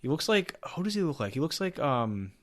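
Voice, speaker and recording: A man's voice: on the high side, big pitch swings, a little fast, fairly bright tone. A man co-hosting a casual movie podcast, laid-back and swearing freely, dropping drawled asides. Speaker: podcast co-host.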